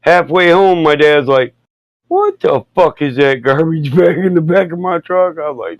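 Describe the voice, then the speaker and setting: A man chatting casually on a podcast, telling rowdy stories, swearing often and acting out quoted people loudly. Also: a little high, moderate pace, no echo, highs cut off. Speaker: podcast host. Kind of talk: casual chat, storytelling.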